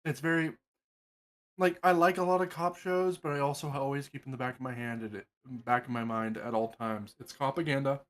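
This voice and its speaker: A man chatting casually with friends as a game player, getting animated and swearing when riled up. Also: medium pitch, brisk. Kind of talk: casual group chat.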